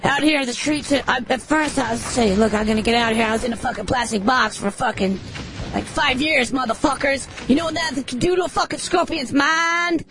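A squeaky unhinged scorpion caller. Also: male voice, brisk, creaky. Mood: gravelly boasting. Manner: profane, manic, shouting, stammering. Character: deranged male scorpion, unhinged war-veteran ranting.

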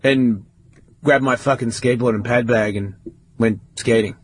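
A man tells a story in casual chat, swearing freely. His voice is husky and breathy, sitting at a middle pitch. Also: moderate pace, no room sound. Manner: swearing often, animated retelling.

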